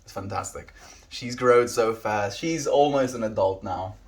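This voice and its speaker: A man livestreaming, chatting casually and warmly greeting viewers by name as he reads the chat. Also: on the low side, a little slow.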